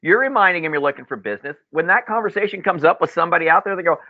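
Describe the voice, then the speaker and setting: A fairly high-voiced man coaches loan officers in a webinar, telling lively stories and repeating his key points for emphasis. The sound is dry and squeezed, like a phone line. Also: rapid-fire, no echo. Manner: animated storyteller, repeats key phrases. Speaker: mortgage loan officer presenter. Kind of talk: webinar sales coaching talk.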